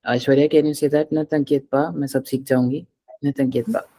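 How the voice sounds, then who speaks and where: A man's voice: mid-range voice, fairly even intonation, rapid-fire, warm tone, poor audio. A man teaching a French class, patiently drilling pronunciation and slipping into Hindi.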